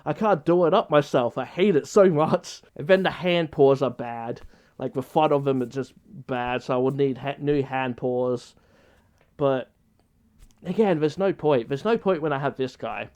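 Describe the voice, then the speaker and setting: A man's voice: medium pitch, moderate pace, a little mellow, muffled recording. A man vlogging in an unscripted casual chat, rambling and hesitant with many restarts.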